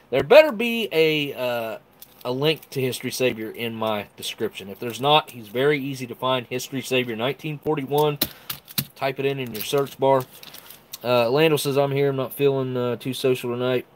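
Chatty man hosting a live food stream. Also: medium pitch. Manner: enthusiastic, chatty, reads viewer comments aloud. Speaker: host of a live ration review stream. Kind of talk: casual live-stream chat.

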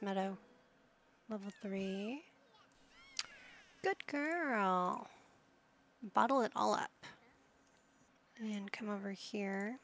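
A woman talks through a life-sim game at an unhurried pace, her voice slightly gravelly. She coaxes the characters along like a mother and tosses out silly made-up words. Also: mid-range voice, fairly bright tone. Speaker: gaming video host. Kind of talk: casual let's-play commentary.

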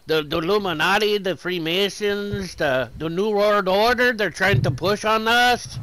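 A man's voice: high-pitched, a little slow, slight background noise, pitched above the performer's own voice. A man putting on the voice of a sixty-year-old male tai chi teacher who rants about conspiracies and hurls profane threats. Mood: ranting. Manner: loud, profane, paranoid, threatening.

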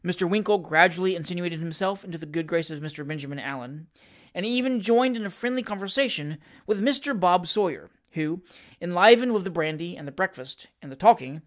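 Steady, measured storybook narrator. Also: medium pitch. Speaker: audiobook reader. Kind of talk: reading a classic novel aloud.

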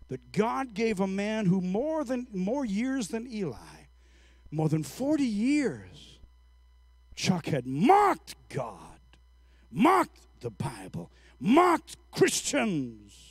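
Slow, high-voiced male preacher. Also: no room sound. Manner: slow, halting storytelling that builds to fervent shouting. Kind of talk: sermon.

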